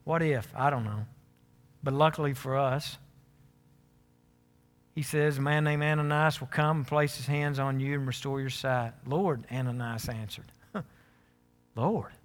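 A man preaching a sermon as pastor, animated, acting out the scripture characters he reads. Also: measured pace, pauses often. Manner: animated, acts out scripture characters with rising pitch.

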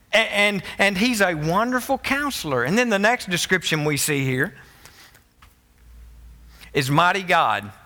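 A man delivering a sermon to his congregation, his voice bright and forward. He sits slightly above the usual male pitch and builds in bursts of emphasis, stumbling into quick restarts as he presses his point. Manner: emphatic, rising to excited peaks, with stammered restarts. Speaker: pastor.

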